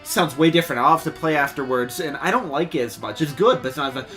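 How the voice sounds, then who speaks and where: A man's voice: a little high, lively intonation, fast talker, a bit bright, soft background music. A man chatting casually on a band podcast, recounting a road trip with wry asides. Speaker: podcast guest, band member. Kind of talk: casual chat.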